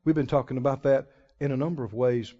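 A man preaching a sermon as pastor, folksy and emphatic, with sudden loud swells and drawn-out words. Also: mid-range voice. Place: church sanctuary. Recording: muffled recording in a reverberant church hall.

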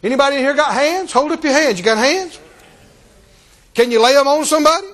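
A man preaching a sermon, animated and rising to emphatic, shouted points. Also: very high-pitched, a little fast.

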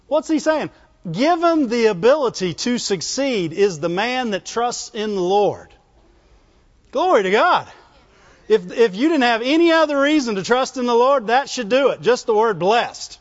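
A man preaches a folksy, call-and-response sermon in a strikingly high voice. The sound is dull and muffled, with a long reverb trailing behind him in a church hall. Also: lively intonation, moderate pace.

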